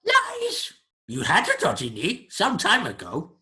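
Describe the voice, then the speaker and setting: A man voicing a shrill, pushy creature butler that fawns over guests but bosses them around. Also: huge pitch swings, measured pace, sharp tone, full character voice. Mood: insistent. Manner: squeaky, insistent, fussy.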